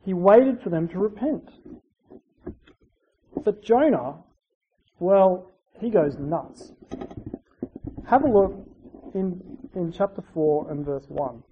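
A preacher giving a conversational sermon, using asides and rhetorical tag questions and swinging between loud emphasis and quiet, dropped phrase endings. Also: medium pitch, takes it slowly, long pauses. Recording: dull lo-fi recording with faint hiss.

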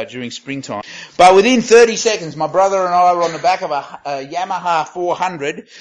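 A man delivers a sermon in a raised, high register. His tone stays conversational as he reads scripture aloud. He often pauses and restarts to find the right words. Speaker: preacher.

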